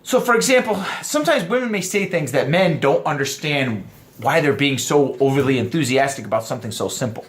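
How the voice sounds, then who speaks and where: A man giving dating advice to other men, lively and explaining point by point, acting out quoted lines in funny voices. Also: fairly high pitch, brisk. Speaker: dating coach. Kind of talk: instructional vlog talk.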